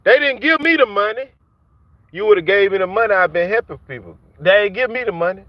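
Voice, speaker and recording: High-voiced man, heated rant, repetitive taunts, dry, muffled. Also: expressive, fast, no room sound. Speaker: vlogger ranting at rappers. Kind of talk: angry street-talk rant to camera. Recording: dull dry lo-fi sound.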